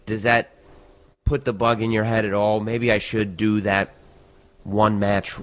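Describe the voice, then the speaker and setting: A podcast guest with a somewhat low voice tells stories in an animated, chatty way. He laughs often and jumps between his own voice and the people in his story. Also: a little slow. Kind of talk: casual storytelling.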